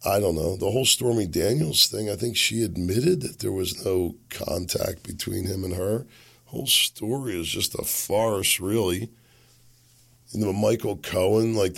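Sick guy rambling sarcastic political commentary, low and gravelly. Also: a little slow, fairly bright tone. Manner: sardonic, rambling, chuckling asides. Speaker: podcast host.

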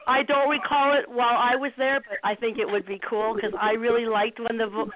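High-voiced middle-aged woman on a phone line. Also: steady tone, brisk. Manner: friendly, searching her memory, repeats words while recalling. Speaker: guest, former toy designer. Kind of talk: casual phone interview.

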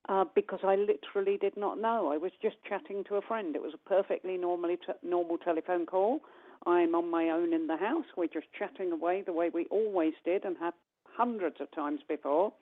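A woman's voice: lowish voice, brisk. Woman on a tinny phone line. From United Kingdom. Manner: animated, acts out quoted dialogue. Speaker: guest medium. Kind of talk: storytelling on a call-in radio show. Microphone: telephone.

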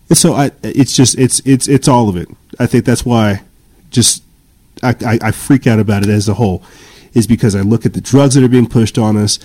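A man's voice: mid-range voice, dark tone. A man hosting a podcast, reading an article aloud and ranting agitatedly, stumbling over repeated words and breaking off to apologize. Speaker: podcast host. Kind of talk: heated commentary reading an article.

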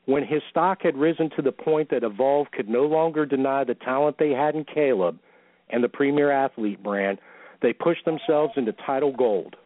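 A man's voice: mid-range voice, moderate pace, no echo. Male co-host, pompous mock-solemn letter reading, thin phone-line sound, dry. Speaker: podcast co-host. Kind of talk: dramatic open-letter reading. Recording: tinny phone-line call-in.

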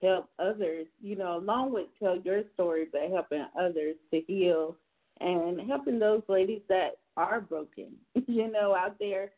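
A woman host chats easily with a guest and opens the phone lines. Her voice sits at a middle pitch. Her talk is loose and full of fillers, and the sound is thin and phone-like. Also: measured pace. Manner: chatty, leans on "you know" fillers. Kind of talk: casual chat with a guest and callers. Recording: tinny phone-like line.

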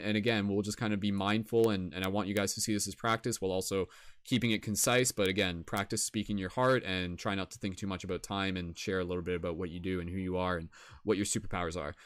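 A man's voice: lowish voice, steady tone, fairly quick, clean tone, dry recording, studio quality. A young man hosting a casual video-call broadcast, rambling with many fillers and encouraging his guests. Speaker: host.

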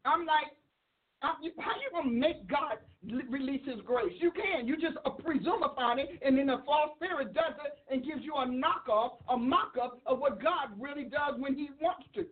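A woman preaching a sermon in an excitable, animated way, laughing often and acting out the voices she quotes. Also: high-pitched, normal speed, phone-quality sound. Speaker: preacher and author. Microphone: livestream.

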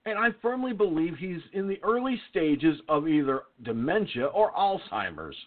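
A man's voice: on the high side, very animated, moderate pace. Profane ranting male radio host. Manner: profane, blustering, repetitive. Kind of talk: ranting call-in talk show. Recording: thin phone-like line.

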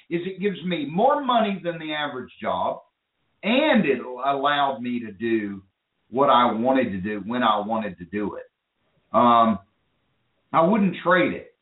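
Guy hosting a call-in show, all fired up and rambly, sounds like a phone line in a roomy space. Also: mid-range voice. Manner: enthusiastic, rambling, with restarts. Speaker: show host. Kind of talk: call-in radio talk show. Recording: phone-line audio in an echoey room.

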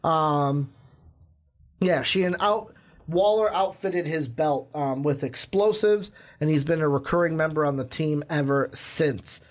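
Chatty high-voiced podcast host. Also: male voice, measured pace. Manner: chatty, reads notes with fillers. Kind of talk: casual chat.

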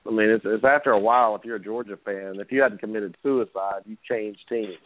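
A man's voice: fairly low pitch, fairly even intonation, fairly quick. A man hosting a sports talk show, ranting with laughs between jabs at local teams. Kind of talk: casual sports radio rant. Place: lives in Atlanta. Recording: tinny phone-like radio sound.

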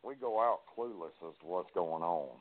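A man with a drawl tells rowdy, profanity-laced stories, acting out each line of dialogue. His voice sits low and comes through a thin, tinny phone-like line. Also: normal speed, dry recording. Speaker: wrestler guest. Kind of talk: casual storytelling on a podcast.

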